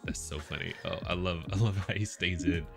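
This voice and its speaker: A low-pitched man with a bright, forward tone hosts a casual live stream panel. He jokes around, laughs easily and reads out messages from the chat. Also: a little fast, creaky, faint music behind. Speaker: livestream panel host.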